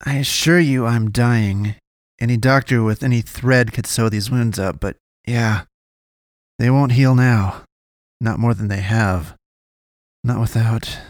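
A man voicing a wounded, dying male werewolf in an audiobook, speaking low, muttering and bitter. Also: a little slow, dry recording, studio quality, close to an everyday voice. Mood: scornful.

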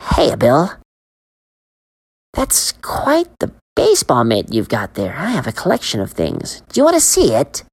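A woman's voice: very deep voice, wildly swooping pitch, measured pace, breathy edge, full character voice. A woman voicing a sinister little male ice cream man who hisses and teases in a sing-song way. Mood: coaxing. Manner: hissing, teasing, sing-song.

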